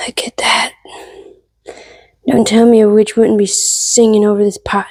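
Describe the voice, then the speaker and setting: A woman hosting a casual cooking tutorial, playful and joking with her viewers, sometimes dropping to a soft whisper. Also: mid-range voice, level tone, normal speed, creaky, long pauses, husky. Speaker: cooking vlogger.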